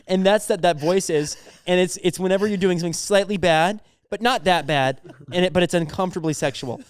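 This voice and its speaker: Giggly, high-voiced young man riffing. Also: a little fast, hardly any pauses, clear, resonant tone, dry recording, clean studio sound. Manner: giggly, riffing through bits with quoted voices. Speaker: podcast co-host. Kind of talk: casual comedy chat.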